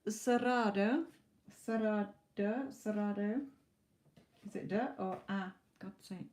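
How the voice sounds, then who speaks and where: Lady doing tarot on a live stream, mellow darkish voice, worn out and losing her voice, keeps saying okay and you know. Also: medium pitch, little pitch movement, brisk. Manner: chatty, reassuring, says okay and you know often. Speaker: tarot reader.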